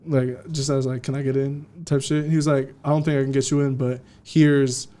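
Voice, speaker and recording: A man's voice: medium pitch, a little fast. Slangy young man telling his DJ story. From California. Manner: slangy, animated, acts out quotes. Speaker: DJ guest. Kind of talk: casual interview storytelling.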